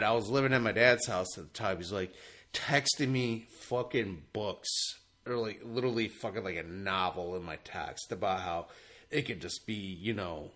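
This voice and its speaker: A man telling a story in a casual podcast chat, animated and swearing casually. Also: fairly low pitch.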